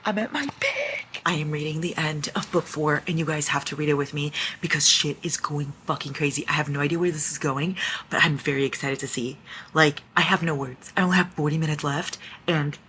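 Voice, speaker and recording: A woman vlogging casually about a book series, excitable, swearing and reacting loudly as she reads. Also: low-pitched, a little fast, slight background noise, rough recording. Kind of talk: casual reading vlog.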